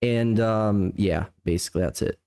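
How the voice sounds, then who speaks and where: A man's voice: fairly low pitch, normal speed, dark tone, smooth. A man co-hosting a podcast in casual chat, dismissive and critical. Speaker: podcast co-host.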